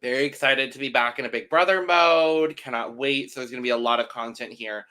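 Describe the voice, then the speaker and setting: Male podcast co-host, bright tone, upbeat and emphatic reality TV recap chat. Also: medium pitch, brisk, smooth.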